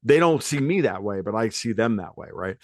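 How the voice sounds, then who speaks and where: A low-voiced man hosting a podcast chats casually, wandering through his thoughts and restarting sentences. He grew up in New York. The recording is dry and close. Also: animated, fairly quick, no room sound. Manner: rambling, many fillers and restarts. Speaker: podcast host. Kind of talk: casual chat.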